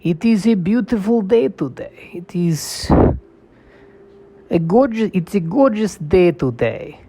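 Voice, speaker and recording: A man putting on a thick Russian accent to voice a gloomy, doom-saying man who speaks slowly and ominously. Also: high-pitched, a little hiss or hum, pitched above the performer's own voice, full character voice. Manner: slow, ominous, deadpan foreboding.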